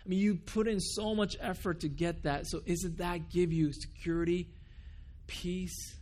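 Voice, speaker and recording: A man's voice: high-pitched, fairly even intonation, a little slow, darkish tone. A man preaching a sermon as pastor in a church, earnest, asking the congregation questions and repeating words for emphasis. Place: church building.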